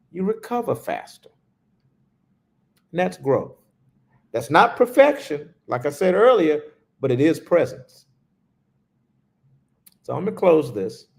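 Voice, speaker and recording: Slow, gravelly-voiced spiritual teacher. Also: male voice, fairly high pitch. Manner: slow, reflective, with hushed pauses. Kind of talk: livestreamed spiritual talk.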